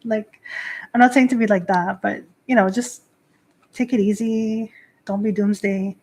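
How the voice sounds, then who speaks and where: A woman's voice: medium pitch, fairly even intonation, a little slow, darkish tone. A woman in her thirties hosting a casual livestream talk as a priestess. She answers chat in a chatty, filler-heavy way and laughs often. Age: 30s. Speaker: host and Shinto priestess.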